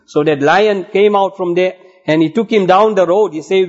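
A man's voice: high-pitched, moderate pace. A man preaching a sermon to elders and friends, telling a story and exhorting earnestly. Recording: dull lo-fi recording.

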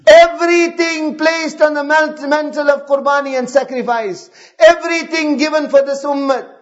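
High-voiced impassioned male preacher. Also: steady tone, normal speed, dull audio. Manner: impassioned, repetitive rhetorical questions. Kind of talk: sermon.

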